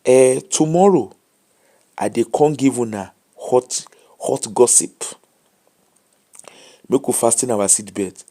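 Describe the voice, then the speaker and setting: A man's voice: medium pitch, slow, long pauses, warm tone. A tired man with a Nigerian accent hosting a late live show, giving casual commentary and advice in English mixed with Pidgin.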